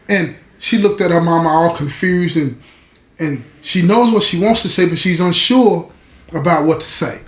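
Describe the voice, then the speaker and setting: A man's voice: on the high side, normal speed, fairly bright tone. A man telling a story in a casual, conversational way, speaking directly to his listeners. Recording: roomy echo.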